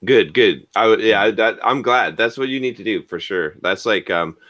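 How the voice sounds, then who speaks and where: Speaking at a moderate pace, this man has a lowish, slightly bright voice and hosts a podcast in casual conversation. His storytelling wanders and leans heavily on fillers, with no room sound in the recording.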